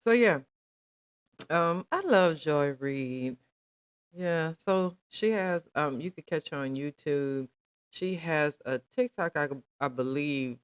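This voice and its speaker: Smooth-voiced man chatting casually. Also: on the high side, slow, highs cut off. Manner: relaxed, rambling, chatty with many fillers. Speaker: vlog host. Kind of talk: casual chat.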